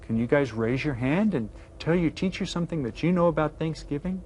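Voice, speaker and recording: Slightly high and animated, with a darkish tone, this male voice carries a basic Spanish video lesson over a little background noise. He sounds cheerful, playful and supportive, drawing out every new word with slow care.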